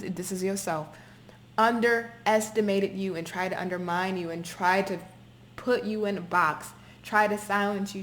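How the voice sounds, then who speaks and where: A woman's voice: mid-range voice, a bit bright, a little hiss or hum. A woman giving a spoken tarot reading to her viewers, talking emphatically, repeating herself and swearing freely. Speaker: tarot reader.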